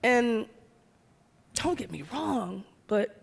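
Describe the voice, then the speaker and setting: A woman's voice: fairly high pitch, very slow, vocal fry, a little hiss or hum. A woman from the American South gives a motivational keynote, talking energetically and firing questions at the audience. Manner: energetic, conversational, keeps asking the audience questions. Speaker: keynote speaker. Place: large event hall. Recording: long hall reverb.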